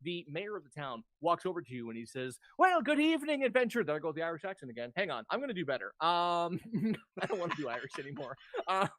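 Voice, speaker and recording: A man's voice: on the high side, lively intonation, fast, fairly bright tone, no room sound. A man running a tabletop game, explaining the rules casually with frequent ums. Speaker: game master.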